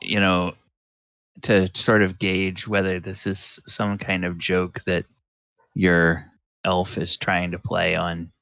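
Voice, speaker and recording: A man narrating as game master for a tabletop game, halting and unhurried with many fillers. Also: low voice, completely flat delivery, gravelly, a bit bright, no echo, dull audio.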